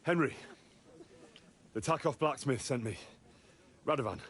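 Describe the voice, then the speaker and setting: A man's voice: medium pitch, unhurried, lightly acted. Guy doing a young messenger, plain voice, kinda defensive.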